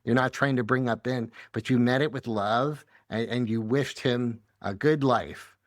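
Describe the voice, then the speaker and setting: A man's voice: medium pitch, measured pace, no echo, studio quality. A man hosting a podcast interview, often chiming in with short agreements. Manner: affirming, frequent brief agreements. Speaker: podcast host. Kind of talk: conversational interview.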